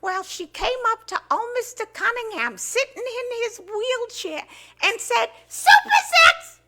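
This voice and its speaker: A woman impersonating a sweet, flustered sitcom housewife with a shrill, sing-song voice. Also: big pitch swings, a little slow, sharp tone, heavily acted.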